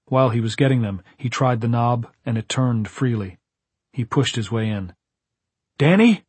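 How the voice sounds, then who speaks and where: A man narrating an audiobook in a measured, dramatic storytelling manner. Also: mid-range voice, fairly even intonation, a little mellow, husky, no echo. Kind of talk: scripted narration.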